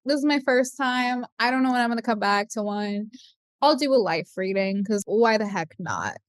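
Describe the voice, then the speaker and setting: A young adult woman hosting a podcast, telling a story in casual chat and acting out the quoted voices with big leaps in pitch. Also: moderate pace, no echo, clean studio sound. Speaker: podcast host.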